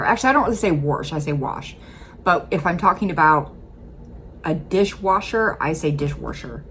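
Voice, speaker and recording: A woman's voice: deep voice, fairly bright tone, slight background noise. A woman with a Midwestern accent, chatting casually as she reacts to a video, rambling and dropping frequent fillers. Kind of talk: casual commentary.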